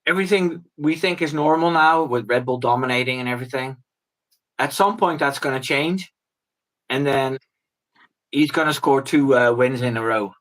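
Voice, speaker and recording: A man's voice: medium pitch, moderate pace, fairly bright tone, low-quality recording. Rambling man in casual chat. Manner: rambling, many fillers and restarts, mimics people in quotes. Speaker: guest.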